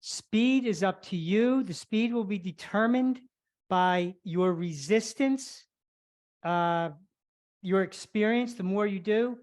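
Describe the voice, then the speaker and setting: A woman's voice: medium pitch, slow pace, a little mellow. A woman teaching a live online stretching class, cueing each movement step by step and a little out of breath. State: slightly out of breath. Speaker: flexibility instructor.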